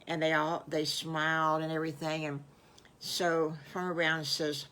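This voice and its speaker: An older woman with a Southern US accent telling her own made-up story in a homey, folksy, unhurried way. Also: deep voice, level tone, pushed and bright. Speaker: storyteller grandmother. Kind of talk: improvised bedtime storytelling.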